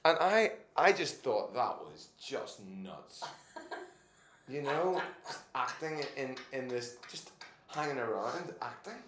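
A man, an actor and podcast guest, telling casual anecdotes in an animated way, laughing often and restarting his sentences. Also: medium pitch, slow. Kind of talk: casual anecdotal interview chat. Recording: echoey room with faint noise.

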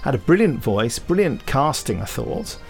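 A man's voice: medium pitch, sing-song, normal speed, soft background music. A man hosting a podcast, chatting casually with dry, teasing humour and rambling asides. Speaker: podcast host. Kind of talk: casual chat.

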